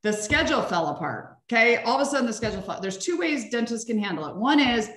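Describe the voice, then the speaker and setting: A woman talking as a guest in a casual conversation, chatty and animated, acting out little scenes. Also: fairly high pitch, quick pace, hardly any pauses. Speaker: guest, practice consultant. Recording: echoey room.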